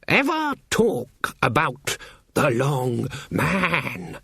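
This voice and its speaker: A man voicing a stern old female witch who speaks in a slow, icy, sarcastic way. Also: on the high side, huge pitch swings, gravelly, sharp tone, husky, dry recording, studio quality, exaggerated voice.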